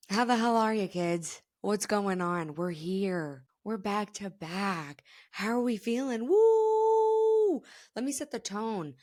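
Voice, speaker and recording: This is a woman from South Florida, just shy of thirty, chatting alone on her podcast. Her voice sits a little low, and she talks in a loose, candid, profane way, peppered with likes and you-knows. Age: late 20s. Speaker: podcast host. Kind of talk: casual solo podcast chat.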